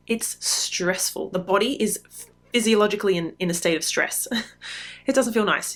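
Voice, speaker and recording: A middle-aged woman hosting a parenting podcast, giving advice in a relaxed, conversational way with frequent ums. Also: medium pitch. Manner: conversational, frequent ums, acts out quoted lines. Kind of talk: casual advice talk. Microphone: podcast mic.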